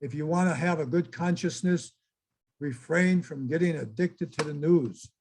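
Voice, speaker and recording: A man's voice: on the high side, normal speed, a little mellow, a little hiss or hum. An older man giving a casual, chatty slideshow talk and exclaiming to his audience as presenter. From United States.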